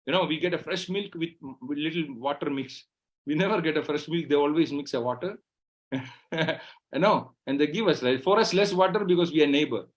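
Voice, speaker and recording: A man from Kerala with a Malayali Indian English accent, giving an animated motivational speech full of rhetorical questions. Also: on the high side, brisk. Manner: animated, rhetorical questions, tag "right?" after each point. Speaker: motivational speaker.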